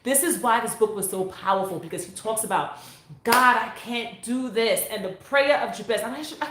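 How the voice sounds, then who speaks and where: A woman chatting casually with viewers on her phone, animated and talkative. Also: medium pitch, quick pace, a little hiss or hum. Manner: animated, chatty, bursts into sung vocal runs. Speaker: vlogger. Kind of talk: casual live chat to viewers. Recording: echoey room on a phone.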